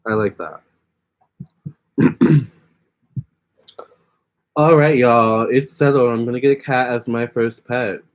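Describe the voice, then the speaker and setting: A man's voice: medium pitch, takes it slowly, long pauses. A young man hosting a casual phone livestream, chatting with viewers and reading their comments aloud. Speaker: livestream host.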